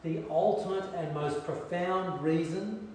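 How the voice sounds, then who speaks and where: A man preaching a sermon, telling stories with lively humor and dropping to soft, hushed emphasis. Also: sits high, measured pace, slight background noise. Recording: echoey hall, distant mic.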